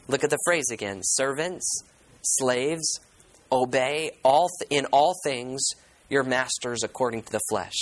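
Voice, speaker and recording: A man's voice: mid-range voice, a bit bright, rough recording. A man preaching a sermon as pastor. He reads scripture aloud, explains it verse by verse, repeats key words and puts questions to the congregation.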